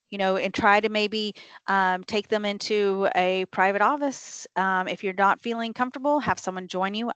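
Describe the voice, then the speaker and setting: Low-voiced woman leading teacher training. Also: a bit bright, clean tone, dry recording. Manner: conversational, often asks "right?" to check understanding; reads audience questions aloud and answers them. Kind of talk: conversational training talk.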